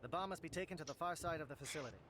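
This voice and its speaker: A man voicing a stern, formal alien military captain in a video game, giving a solemn, measured briefing. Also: fairly high pitch, background noise, close to an everyday voice. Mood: grave.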